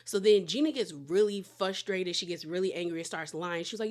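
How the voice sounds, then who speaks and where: A woman casually recapping a reality TV episode, running through scenes and quoting the cast. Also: mid-range voice. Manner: brisk play-by-play with quoted dialogue.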